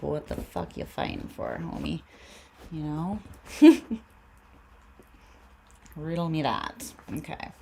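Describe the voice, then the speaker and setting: A woman's voice: deep voice, gravelly, dark tone, slight background noise. A woman giving a casual livestream tarot reading, laid-back and swearing freely, often laughing as she talks. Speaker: tarot reader.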